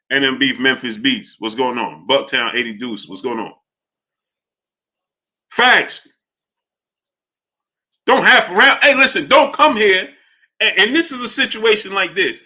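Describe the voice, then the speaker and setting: The man running this casual livestream reads out viewer chats, his voice sharp and ringing. Mumbled, quiet shout-outs give way to loud, heated bursts as he rants preachily at his subject.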